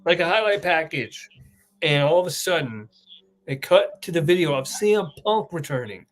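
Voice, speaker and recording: A young man hosting a casual wrestling chat, an excitable storyteller who swears freely. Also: fairly high pitch, normal speed. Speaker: podcast host.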